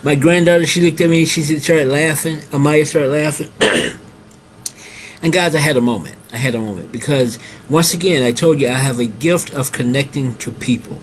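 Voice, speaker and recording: A man's voice: fairly high pitch, moderate pace, slight background noise. A middle-aged man hosting a casual storytelling monologue. He repeats his phrases and keeps addressing his listeners as guys. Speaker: host.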